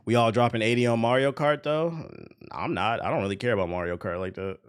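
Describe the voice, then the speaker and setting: A man's voice: medium pitch, fairly quick, clean tone. A man hosting a livestream, ranting bluntly and profanely in casual chat to his viewers, often breaking into laughter. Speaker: livestream host.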